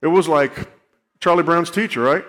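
A man's voice: on the high side, moderate pace, a bit bright, in a large hall. A man giving a personal testimony in an earnest storytelling way, often checking in with the listeners. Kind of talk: sermon testimony.

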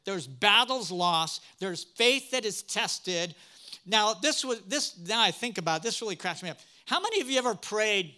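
A man preaching a sermon, humorous and animated, asking the congregation questions. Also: high voice, normal speed. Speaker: pastor.

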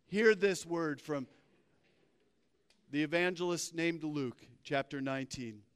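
Pastor, male, high-pitched and unhurried, lively storytelling sermon, church hall with long reverb. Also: clean tone. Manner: animated, playful storytelling preacher. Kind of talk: sermon with scripture reading. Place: church sanctuary.

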